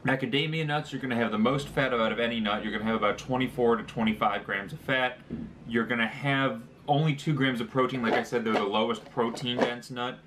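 A man's voice: medium pitch, steady tone, brisk, noisy background. A young man talking casually through a snack review, chatty and joking, with fillers as he lists details. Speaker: vlogger.

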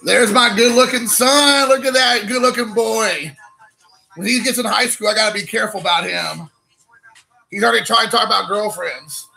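A man in his thirties hosting a casual stream while opening trading card packs, excitable and rambling, calling people dude. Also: high-pitched, moderate pace, vocal fry, poor audio. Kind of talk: casual live-stream chat.

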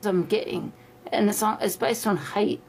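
A woman's voice: medium pitch, steady tone, normal speed, a loud crowd. A woman ranting in a social media clip, insistent and repetitive. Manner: insistent, repeats herself. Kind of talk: TikTok video rant.

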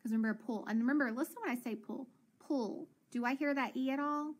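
Patient female teacher, higher voice, coaching kids through reading. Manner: encouraging, sounds words out slowly. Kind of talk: phonics lesson for children.

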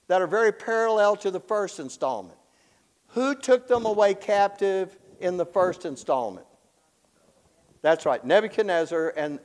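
A man teaching the Bible in an animated storytelling way, acting out the characters and chuckling often. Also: sits high, in a large hall, rough recording.

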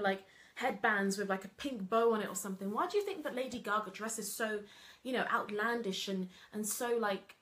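Chatty, lively woman coach. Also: fairly high pitch. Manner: lively, chatty, full of "like" and "you know". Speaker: coach running an online program. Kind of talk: casual live stream talk.

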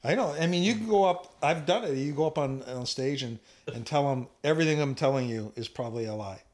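A man's voice: medium pitch, brisk. A man on a comedy podcast, making dry interjecting remarks in casual chat.

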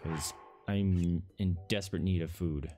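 A man's voice: sits low, steady tone, unhurried, dark tone, faint music behind. A young man hosting casual let's-play commentary, goofy and self-deprecating. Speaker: gaming channel host.

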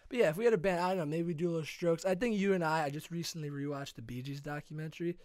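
Higher-voiced young man, dry close mic. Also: rapid-fire, a little mellow, no room sound. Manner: rambling, joking, breaks into high falsetto singing. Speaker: podcast co-host. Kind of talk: casual chat.

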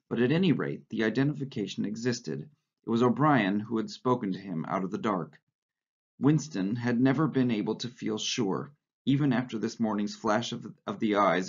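A male teacher reading a novel aloud to his class in a steady voice, with brief asides and small slips. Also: mid-range voice. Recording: slightly dull lo-fi recording.

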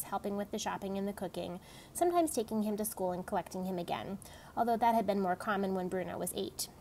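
A woman reads a novel aloud with steady, plain storytelling. Her voice sits at a middling pitch with a strong gravelly fry. Her delivery stays even and unhurried. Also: slight background noise, rough recording. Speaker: audiobook reader.

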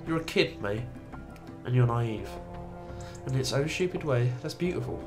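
A man's voice: medium pitch, lively intonation, moderate pace, lightly acted. A man voicing a stern middle-aged female police officer who gives grave warnings, over game music.

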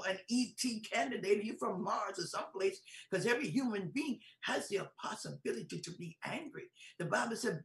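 A middle-aged woman bishop preaches with fervour, her fairly high voice carrying a gravelly edge. She moves from talky asides into shouted exhortations. The sound is roomy and set back from the mic, as in a large hall. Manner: fervent, rising to shouts, conversational asides. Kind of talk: sermon. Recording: echoey hall, from far off.

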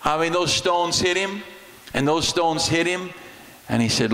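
A man's voice: fairly high pitch, animated, a little slow, fairly bright tone, long reverb tail. A man with an American accent, a pastor preaching a folksy, humorous sermon in a church. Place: church sanctuary.

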